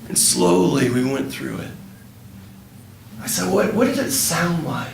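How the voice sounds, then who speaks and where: Slow gravelly man speaking in an echoey room. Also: on the high side, expressive. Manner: slow, drops to soft near-whispers when leading a prayer. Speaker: workshop speaker. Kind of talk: conference workshop talk. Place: conference room. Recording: distant echoey room with background noise.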